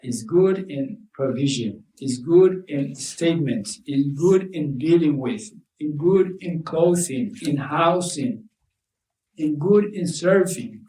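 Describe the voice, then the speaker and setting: A man's voice: a little high, warm tone. A man preaching a sermon to a congregation, emphatic and repetitive, mixing Arabic religious terms into his English. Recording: echoey room, mic at a distance.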